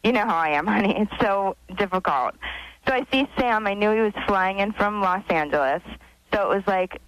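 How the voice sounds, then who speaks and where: A woman's voice: mid-range voice, moderate pace, a bit bright, no room sound, low-quality recording. A woman calling into a radio show, chatty and apologetic as she tells a story. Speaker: phone guest. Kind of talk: radio phone-in chat.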